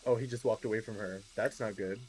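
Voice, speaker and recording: A woman's voice: extremely low pitch, steady tone, fast talker, a crowd in the background. A woman streamer giving casual, chatty gameplay commentary, reacting aloud and repeating phrases as she plays.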